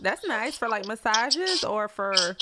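A woman hosting a casual podcast chat, keeping her voice softened and sultry on purpose. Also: on the high side, lively intonation, takes it slowly. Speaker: podcast host. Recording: heavy background noise and interference.

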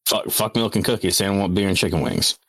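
A man's voice: low voice, sing-song, fast talker, vocal fry, fairly bright tone, no room sound. A young man chatting casually on a podcast, rambling through funny family stories with frequent swearing and laughter. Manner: rambling, swearing storyteller who laughs a lot. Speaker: podcast co-host. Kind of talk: casual chat.

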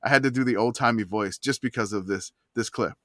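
A man's voice: on the low side, a little fast, heavy background noise. A man co-hosting a casual sports podcast, rambling with many restarts. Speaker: podcast co-host.

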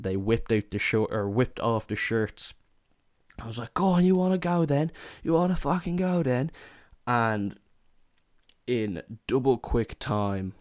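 A man's voice: lowish voice, no echo, clean studio sound. A young man telling a comic holiday anecdote in a loose, casual way, swearing freely and acting out the lines of people in his story. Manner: swears a lot, acts out quotes in raised voices.

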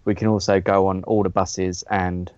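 Man, deep voice, slow matter-of-fact talk, dry dull lo-fi recording. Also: flat delivery, a little mellow, clean tone, dry recording. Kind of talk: casual chat.

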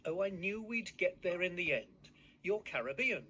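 A man plays a politely insistent older woman of high society, quoted in a news report. The voice sits high and moves around a lot. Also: animated, moderate pace, sharp tone, slight background noise. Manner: politely insistent, repeated questioning. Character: older upper-class British woman, persistent questioner.

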